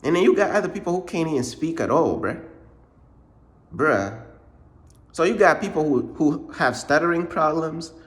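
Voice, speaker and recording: A man talks straight to his listeners in a relaxed, slangy way and encourages them in their faith. His voice sits fairly high. He keeps circling back to the same points and leans on "bruh" and "bro" as he presses each one home. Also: moderate pace, pauses often. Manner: repetitive, informal slang, says "bruh" a lot. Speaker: ministry channel host. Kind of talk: casual motivational faith talk.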